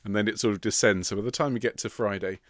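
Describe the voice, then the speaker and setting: A lower-voiced man runs a home online choir rehearsal, greeting each singer with light teasing. His voice sounds a touch rough and sandpapery. The sound is dry and close, from a computer mic with no room echo. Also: fairly even intonation, fast, fairly bright tone. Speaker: choir director. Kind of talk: live online rehearsal chat. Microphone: computer mic on a video stream.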